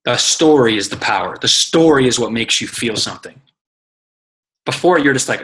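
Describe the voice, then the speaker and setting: A man coaching his team in casual, energetic talk, telling stories, acting out quotes and swearing freely. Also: mid-range voice, moderate pace, low-quality recording. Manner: energetic, profane, storytelling with acted quotes. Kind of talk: casual motivational teaching.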